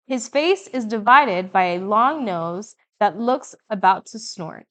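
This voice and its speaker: Slow-reading woman audiobook narrator. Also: mid-range voice, lively intonation. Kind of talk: first-person audiobook narration.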